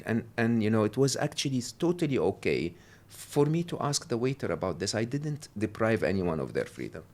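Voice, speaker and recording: A middle-aged man telling stories as a podcast guest, animated and often laughing, sometimes halting with fillers. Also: lowish voice. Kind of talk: podcast interview.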